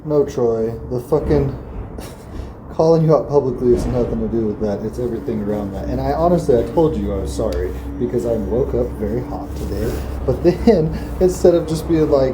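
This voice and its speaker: A man's voice: mid-range voice, lively intonation, brisk, noisy background. A man delivering an angry, profane, confrontational rant at a friend.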